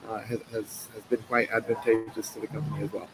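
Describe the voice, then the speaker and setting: A man telling a personal story as an interview guest in an earnest, halting way, full of fillers and restarts. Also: lowish voice, monotone, background noise. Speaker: guest, company co-founder and president. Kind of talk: conversational storytelling interview answer. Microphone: live stream mic.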